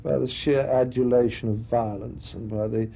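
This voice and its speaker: An English man tells comic stories in a dry, wry way. His gravelly voice sounds dark and mellow. The recording is muffled, with faint noise behind. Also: mid-range voice, steady tone, normal speed. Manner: dry, wry storytelling with frequent laughs. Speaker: interview guest. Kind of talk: anecdotal interview chat.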